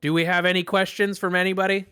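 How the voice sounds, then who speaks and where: A man's voice: high-pitched, level tone, fast talker, pushed and bright, smooth, dry recording, clean studio sound, voice pushed up. A man doing a jolly pirate first mate. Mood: chatty. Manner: cheery, chatty, boastful.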